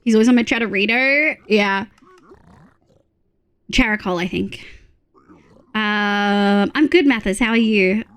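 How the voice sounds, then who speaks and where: This young Australian woman's medium-pitched voice is clean and a bit bright, a little slow, with frequent pauses. Chatting casually while streaming live, she reads viewers' messages aloud, gushes over their photos, and drops muttered asides.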